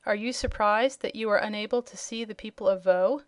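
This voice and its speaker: A woman voicing a soft, merry, invisible woman in a children's storybook reading. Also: medium pitch, a little fast, no room sound, natural voice. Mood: gentle.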